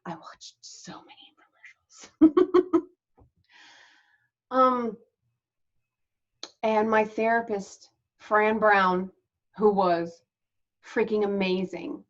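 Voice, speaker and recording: A woman's voice: medium pitch, very slow, pauses often, muffled recording. A woman hosting her own channel, telling her life story to the camera in a candid, chatty way and laughing between lines. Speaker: channel host.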